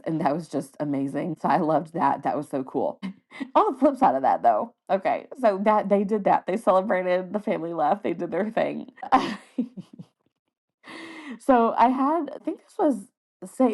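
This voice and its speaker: A woman in her thirties hosts a casual podcast on her own. Her voice sits low, with a gravelly edge running through it. She tells her stories in a chatty, animated way, laughing often and putting on playful voices for the people she quotes. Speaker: podcast host. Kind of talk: casual solo podcast chat.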